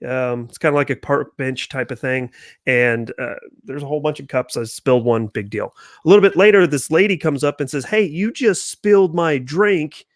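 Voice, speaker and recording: A young man hosting a casual interview, talking in a relaxed, rambling way. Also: medium pitch, a little fast, no room sound, clean studio sound. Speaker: podcast host.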